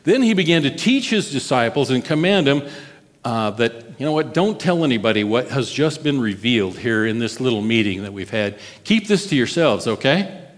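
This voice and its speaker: A male pastor preaching a sermon in a conversational, expressive way, and asking his listeners questions. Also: medium pitch, moderate pace, long reverb tail.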